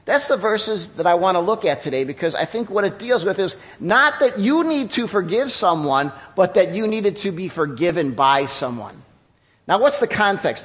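Guy pastor preaching, kinda high voice, swoops up and down a lot, chatty and candid. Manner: conversational, candid preaching with emphatic pauses. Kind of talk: sermon.

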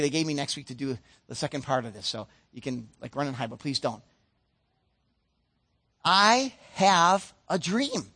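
A man preaching a sermon as pastor, earnest and emphatic, slowing down to stress key points and acting out other people's voices. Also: on the high side. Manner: acts out other people's voices mid-sentence.

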